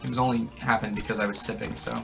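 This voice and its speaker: A young man hyped up on energy drinks, narrating his gameplay, yelling and cackling at every death and win. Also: fairly low pitch, rapid-fire, gravelly, faint music behind. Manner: excitable, shouts and cackles at the game. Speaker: gaming channel host. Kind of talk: hyper gameplay commentary. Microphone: desk mic with a camera nearby.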